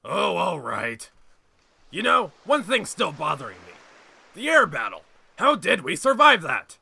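A man's voice: sits high, huge pitch swings, a little slow, vocal fry, pushed and bright, husky, exaggerated voice. A man voicing a blustering male sky-pirate leader who talks like an old-time pirate. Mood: puzzled. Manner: hammy pirate talk, boisterous.

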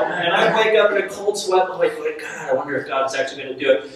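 A man preaching a sermon to a live audience, telling a personal story in an animated, self-mocking way and laughing often. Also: high-pitched, a little fast, crowd noise. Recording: echoey hall, mic at a distance.

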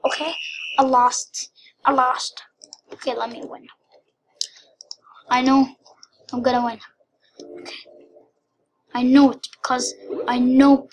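A woman giving casual commentary on a game she is playing, excitable, dropping into whispered asides and then breaking into squealing cheers. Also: high-pitched, slow pace, pauses often, slight background noise. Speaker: gameplay commentator.

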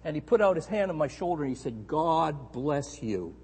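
A middle-aged Canadian man preaching a sermon, telling a story with animated emphasis on key words. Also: on the high side, rapid-fire, breathy edge. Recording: echoey hall.

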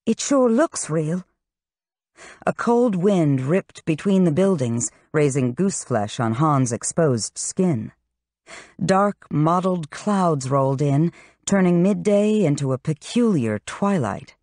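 A woman reading a fantasy novel aloud in steady, scripted narration. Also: low-pitched, slow pace, no room sound, clean studio sound. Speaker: audiobook narrator.

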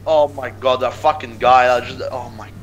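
A man's voice: medium pitch, steady tone, moderate pace, faint music behind, poor audio. A young man in crude, casual chat with friends, swearing constantly and stammering as he repeats words. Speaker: co-host.

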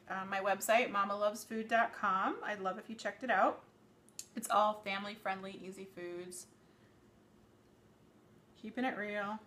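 A woman's voice: mid-range voice, a bit bright. A woman in her thirties hosting a live cooking demonstration from her home kitchen. She talks in a chatty, rambling way, often correcting herself mid-sentence, and her voice sounds slightly worn.

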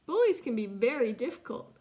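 A teacher reading aloud voices a calm, caring mother raccoon in a soft, soothing tone. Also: fairly high pitch, fairly quick. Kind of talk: read-aloud storybook.

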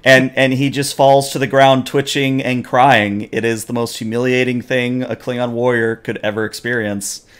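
A man running a tabletop game as game master, narrating the action with animated storytelling and frequent fillers. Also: mid-range voice, moderate pace, hardly any pauses, clean tone.

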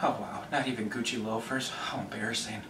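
A young man hosting a reaction video, gushing dramatically and breaking into quick asides as he reacts. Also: on the low side, fairly even intonation, fairly bright tone, slight background noise. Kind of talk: excited reaction commentary. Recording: echoey room, distant mic.

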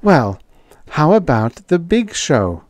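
Read by a man, a quick, acid-tongued young secretary snaps back in curt retorts. Her voice is lifted and lively, set close and dry for a story reading. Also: fairly high pitch, no room sound, voice pushed up. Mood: tart.

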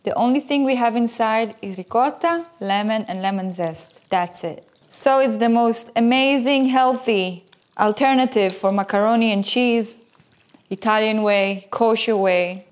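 A woman's voice: on the high side, measured pace, smooth. A woman hosting a cooking show, demonstrating a recipe in a playful, enthusiastic way and sprinkling in Italian words.

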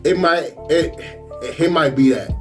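A man hosting a sports reaction video, exclaiming over football highlights in an excitable, slangy way. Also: unhurried, soft background music.

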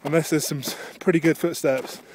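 A man out of breath, rambling casually with lots of fillers as he films himself outdoors on a high mountain ridge with a handheld camera. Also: steady tone, a little fast, darkish tone, slight background noise. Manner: rambling, chatty, with many fillers. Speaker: vlogger. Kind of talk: casual handheld vlog narration.

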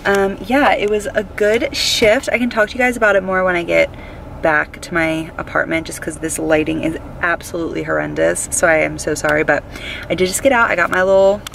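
A young woman in her twenties chatting excitedly to her phone camera in a casual vlog. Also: lowish voice, brisk, gravelly, a little hiss or hum. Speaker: vlogger.

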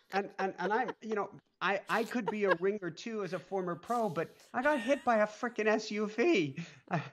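A man's voice: high-pitched, moderate pace. A man co-hosting a casual chat, telling stories with lots of laughter. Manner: animated storyteller, laughs often. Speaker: co-host.

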